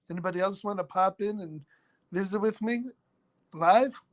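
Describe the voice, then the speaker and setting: Speaking at an even, measured pace in a high voice, this live stream host calls out viewers by name. He jokes about himself and keeps breaking into laughter.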